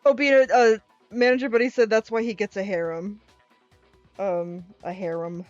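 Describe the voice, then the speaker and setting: A woman's voice: medium pitch, steady tone, normal speed, darkish tone, no echo, highs cut off. A woman streamer giving casual, exasperated commentary on a game, laughing and swearing often. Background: faint game music.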